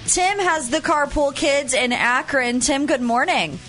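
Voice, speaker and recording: A woman co-hosts a morning radio show from the studio, upbeat and quick to laugh. Her voice sits high, with a little music playing faintly underneath. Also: expressive. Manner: bright, quick, laughs easily. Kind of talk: upbeat radio game hosting. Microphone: studio mic.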